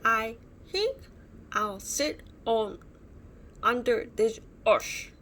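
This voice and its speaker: A woman reading aloud puts on a miserable little dinosaur girl with an aching tooth, mumbling her words in a slow storybook telling. The voice rises high with lively swings in pitch. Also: slight background noise, heavily acted. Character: young female dinosaur with a sore tooth.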